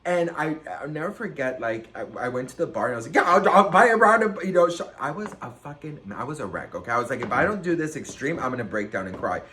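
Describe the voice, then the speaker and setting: A man vlogging a storytime, dramatic and animated, with big jumps in pitch and loudness and a sassy, campy manner. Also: quick pace, few pauses, crowd noise. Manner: campy, sassy, says "girl" and "okay" a lot. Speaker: celebrity gossip vlogger. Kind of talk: casual storytime chat.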